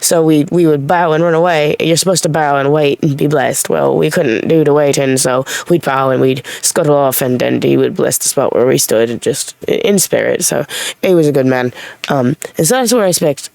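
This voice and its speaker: Gravelly voice with a light Irish lilt. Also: medium pitch, moderate pace, a little mellow, no room sound. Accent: light Irish-tinged. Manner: rambling, self-correcting, blunt with a bit of swearing. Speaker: vlogger speaking as an alter named Reese. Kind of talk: casual unscripted talk to camera.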